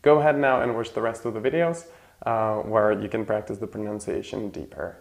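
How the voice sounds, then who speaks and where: A man teaching English pronunciation, saying example sentences slowly and then at natural speed. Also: on the low side, gravelly. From Czech Republic. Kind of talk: pronunciation lesson.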